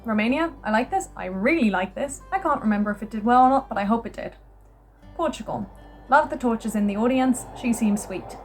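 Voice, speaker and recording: A young woman from the UK chatting casually as a vlogger while reading out her own notes, excitable, laughing often, and breaking into surprised exclamations. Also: a little high, fairly quick, soft background music.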